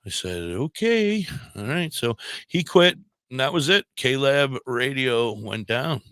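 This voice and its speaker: Here a podcast guest who also works as a radio DJ narrates a casual story, performing the quoted lines with animation. His mid-range voice is smooth and slow, captured on a podcast microphone without echo.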